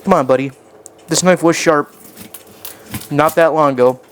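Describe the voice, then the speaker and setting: A man's voice: on the high side, steady tone, normal speed, noisy background. A man chatting casually while cooking on a live stream in his home kitchen, rambling and poking fun at himself as he talks to his chat.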